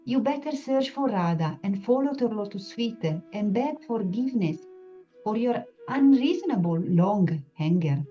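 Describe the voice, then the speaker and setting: A woman's voice: mid-range voice, animated, moderate pace, natural voice. A woman voicing a river goddess who consoles and then challenges, in a storytelling talk. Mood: challenging. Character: river goddess, gentle then commanding, female. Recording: dull lo-fi sound, soft music behind.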